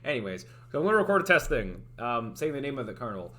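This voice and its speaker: A man's voice: medium pitch, sing-song, fast talker, fairly bright tone. A young man chatting casually on a livestream, rambling and hesitant with many restarts and fillers, wearing headphones at a desk mic. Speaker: streamer.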